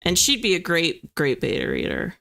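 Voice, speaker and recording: Bubbly young woman hosting a stream, bright voice, pitch bouncing all over, chatty and upbeat. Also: wildly swooping pitch, normal speed, gravelly. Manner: bubbly and chatty, reads chat aloud. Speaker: livestream host of writing sprints. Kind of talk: casual chat to live viewers.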